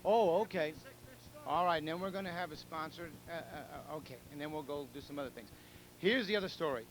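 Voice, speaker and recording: A man's voice: a little high, normal speed, vocal fry, pauses often, background noise. Rambling, chuckling telethon host man. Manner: rambling, chuckling, repeats himself. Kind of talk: casual joke-telling and fundraising appeal.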